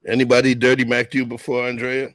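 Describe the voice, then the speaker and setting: A man in casual chat, bantering loudly with jokes and profanity. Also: mid-range voice, completely flat delivery, fast. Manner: loud, joking, profane banter. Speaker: co-host.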